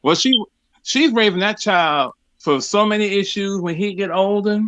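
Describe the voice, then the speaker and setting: A man's voice: high-pitched, normal speed, a bit bright, a little hiss or hum. A man in his forties calling into a live show, talking casually and animatedly with laughs. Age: 40s. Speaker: caller. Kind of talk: casual chat.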